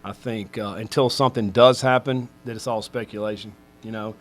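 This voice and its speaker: A man's voice: on the low side, steady tone, a little fast. A middle-aged man, a head football coach, answering questions at a press conference in a rambling way full of fillers.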